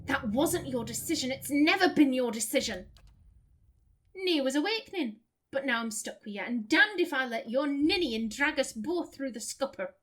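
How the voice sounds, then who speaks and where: Woman playing a defiant trapped soul, broad Lancashire accent, blunt, threatening, high voice. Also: animated, moderate pace, fairly bright tone. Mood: scornful. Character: fierce female awakened soul sharing an elf's body.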